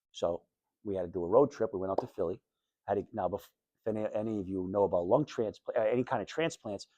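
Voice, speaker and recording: A man with a fairly low voice tells his own story to a school class in a candid, everyday way. The sound is dry and close, with little room around it. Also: a little mellow, no echo. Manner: candid storytelling, plain and conversational. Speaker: guest speaker telling his life story. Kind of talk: personal talk to high school students.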